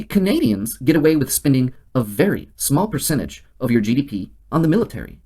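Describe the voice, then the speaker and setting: A man hosts his own scripted satirical monologue and keeps a mock-serious, deadpan tone throughout. His voice is slightly husky and breathy. His pitch moves widely and expressively while his face stays straight. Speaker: host.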